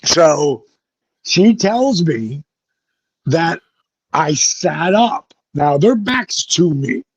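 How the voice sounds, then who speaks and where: He draws out his words, very animated as he tells profane, colorful tales and acts out quoted voices. This ex-wrestler guest has a fairly high, husky voice, captured in a dry, close, dull lo-fi recording.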